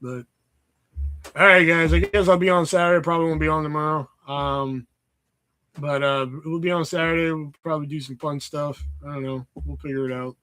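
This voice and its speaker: A man's voice: fairly high pitch, steady tone, brisk, bright, forceful tone, clean tone. Profane joking man on a livestream. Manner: profane, joking, rambling with fillers. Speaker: livestream host. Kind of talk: casual livestream chat with viewers.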